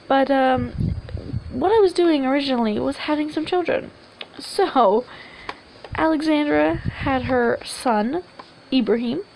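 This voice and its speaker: A woman's voice: a little high, vocal fry, a little mellow, slight background noise, poor audio. A woman giving casual, rambling commentary over her game and coaxing the characters aloud. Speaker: gameplay video host. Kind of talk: casual let's-play commentary.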